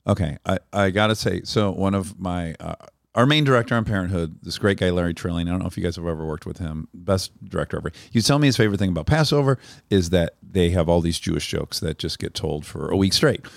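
Low-voiced man telling stories animatedly. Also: quick pace, vocal fry, dry recording, clean studio sound. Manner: animated joke-teller, stammers on restarts. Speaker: podcast guest. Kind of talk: casual chat, storytelling.

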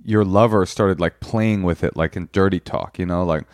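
Man, low voice, podcast co-host, reads listener emails, crude and wry, dry close sound. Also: normal speed, a little mellow, dry recording. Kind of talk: casual chat, reading listener emails.

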